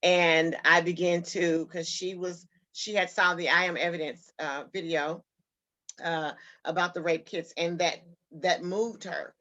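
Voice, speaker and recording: A woman's voice: fairly low pitch, level tone, a little slow, sharp tone, lo-fi sound. A woman guest telling a personal story in an interview, earnest and heartfelt.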